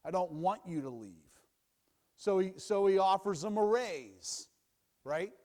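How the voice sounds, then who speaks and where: A young adult man teaching from the Bible in a sermon, emphatic and repetitive, dropping low and quiet for asides. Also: lively intonation, a little slow. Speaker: preacher.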